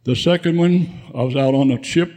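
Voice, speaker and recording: A man's voice: mid-range voice, moderate pace, mellow. A man in his nineties, a veteran guest, telling rambling war memories with frequent chuckles at a live event. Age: 90s. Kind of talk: spoken war memoir.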